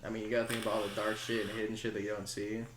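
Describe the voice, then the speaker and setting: Young dude on a podcast making crude jokes, kinda low voice, roomy sound. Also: male voice, monotone, very fast, background noise. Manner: joking, crude humor. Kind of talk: casual chat. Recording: roomy echo.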